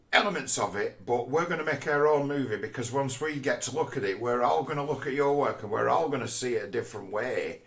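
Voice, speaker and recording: A man's voice: medium pitch, a little fast, gravelly, hardly any pauses, a bit bright. A man in a rambling, profane casual rant who often stumbles and repeats words mid-thought.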